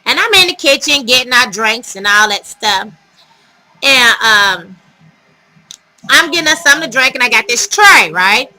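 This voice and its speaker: Bright, high-voiced woman telling a story. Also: moderate pace, pauses often, low-quality recording. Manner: animated, dramatic, laughs mid-story. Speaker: vlogger telling her dating stories. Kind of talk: casual storytelling to camera.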